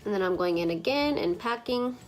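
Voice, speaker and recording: A woman's voice: mid-range voice, expressive, a little fast, soft background music. A young woman doing a chatty makeup tutorial, a little congested from allergies, with lots of filler words and some casual swearing. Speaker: beauty vlogger.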